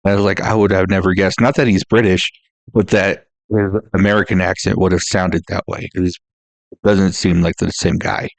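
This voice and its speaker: Low gravelly man chatting about movies. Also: little pitch movement, moderate pace, no echo. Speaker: podcast co-host. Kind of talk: casual movie podcast chat.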